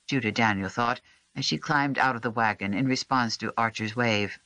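Audiobook narrator, even measured delivery, dry studio sound. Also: mid-range voice, dry recording. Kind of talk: scripted narration.

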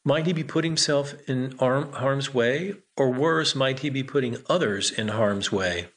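Male audiobook narrator, steady even read, mid pitch. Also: unhurried. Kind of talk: scripted narration.

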